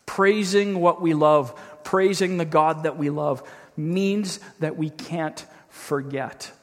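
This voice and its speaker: Male pastor, earnest and reflective sermon delivery, voice a bit high, echoing church sanctuary. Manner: earnest, reflective, slows down when reading scripture.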